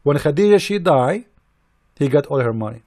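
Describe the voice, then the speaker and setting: A man's voice: on the high side, lively intonation, normal speed, mellow, no room sound, studio quality. A man delivering a heated polemical monologue, indignant and mocking, firing off rhetorical questions in non-native English. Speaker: religious critic.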